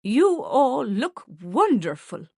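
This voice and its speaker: A woman's voice: on the high side, big pitch swings, takes it slowly, breathy edge, dry recording, studio quality, pitched above the performer's own voice, heavily acted. A woman voicing an elderly grandmother hosting a party, proud, gracious and effusive in her speech, in an audiobook. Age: older. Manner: warm, effusive hostess speech.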